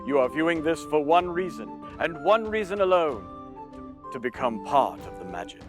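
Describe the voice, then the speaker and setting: A man's voice: a little high, big pitch swings, normal speed, over music. Theatrical man in a put-on English accent. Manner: theatrical, playful and emphatic. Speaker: training video narrator. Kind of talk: scripted training narration.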